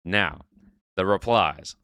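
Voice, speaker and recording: Low-voiced man reading a post aloud. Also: takes it slowly, clear, resonant tone, no echo, studio quality. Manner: animated storyteller, swears casually. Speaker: podcast host.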